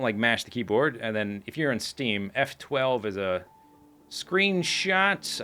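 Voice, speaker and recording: Male let's play host, rambling and chatty, lively pitch with a forceful edge. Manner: rambling, explains controls as he plays. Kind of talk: casual gameplay commentary.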